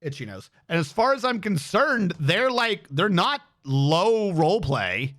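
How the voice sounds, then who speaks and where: A man telling a story on a casual live stream, animated and swearing freely, acting out what others said. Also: high-pitched, a little slow.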